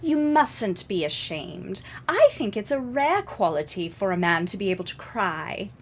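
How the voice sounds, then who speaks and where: A woman's voice: mid-range voice, very animated, unhurried, slight background noise. A woman playing a giggly, gushing neighbor who talks in a sing-song way, in a scene reading. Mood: sympathetic.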